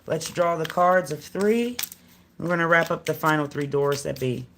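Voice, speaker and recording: A woman's voice: sits low, moderate pace, a bit bright, slight background noise. A middle-aged woman giving a casual tarot reading on a livestream, talking in a rambling, slangy, chatty way to her viewers. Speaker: tarot card reader.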